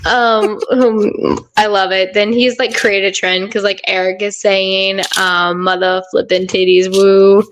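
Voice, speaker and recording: A woman's voice: medium pitch, flat delivery, a little slow, noisy background. A woman co-hosting a livestream, upbeat and giggly as she reads viewer comments aloud in casual chat. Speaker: livestream co-host reading chat.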